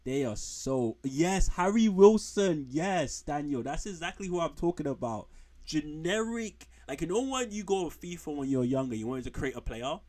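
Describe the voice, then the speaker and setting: A man's voice: a little high, lively intonation, normal speed, a little mellow. A man streaming from home, rambling frankly through football players with slang and blunt put-downs. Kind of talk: casual live-stream commentary.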